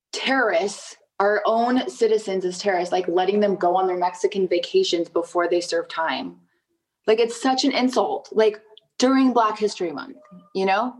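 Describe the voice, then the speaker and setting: A woman's voice: medium pitch, low-quality recording. A woman in her thirties, an interview guest, talking casually and emphatically with many "like" fillers and frequent swearing, sounding indignant.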